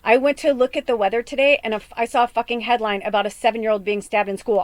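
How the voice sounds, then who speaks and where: A woman's voice: a little high, steady tone, fast talker, no echo. Upset swearing woman venting her heart. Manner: raw, swearing, rambling with many likes. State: upset, near tears. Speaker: podcast host, medium. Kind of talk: emotional personal monologue.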